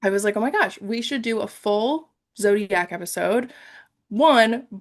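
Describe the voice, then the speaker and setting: A woman's voice: medium pitch, lively intonation, unhurried. Congested young woman chatting. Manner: chatty, rambling with fillers. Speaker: podcast co-host. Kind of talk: casual chat.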